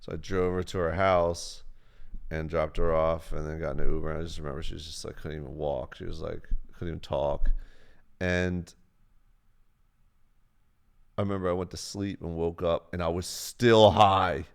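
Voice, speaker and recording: A man's voice: low voice, level tone, normal speed, vocal fry, clean tone. A young man on a live stream, casually telling a rambling, profane story. He often acts out what people said in a raised voice.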